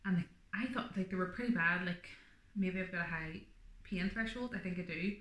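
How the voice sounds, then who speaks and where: A woman's voice: fairly low pitch, a little fast, fairly bright tone, roomy sound. A woman vlogger telling her birth story in a chatty, rambling way, full of fillers. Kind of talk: casual birth story vlog.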